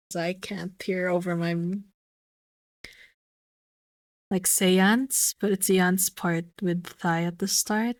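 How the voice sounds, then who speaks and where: A woman streamer with a lowish voice chats casually with her viewers on a livestream, musing aloud, swearing lightly and repeating one word again and again to hear how it sounds. The recording is dry.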